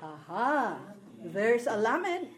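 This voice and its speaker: A woman's voice: fairly high pitch, very animated, very slow, soft background music. A woman teaching a Hebrew reading class, patiently checking that her students follow along. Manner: patient, checks understanding with "okay?". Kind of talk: classroom lesson.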